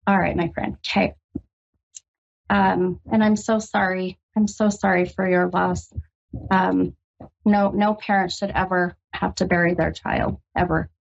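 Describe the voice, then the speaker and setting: A woman hosting a call-in psychic reading, halting and full of ums, gentle and reassuring with the caller. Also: on the low side, flat delivery, creaky. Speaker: psychic medium host. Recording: dull lo-fi radio recording.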